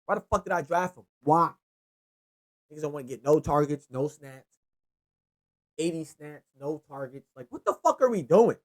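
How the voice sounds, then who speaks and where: A man whose voice sits on the high side speaks at a moderate pace with frequent pauses. Hosting his own sports picks show, he delivers a casual, rambling monologue on the games, loose, lively, and profane, with an unscripted ease.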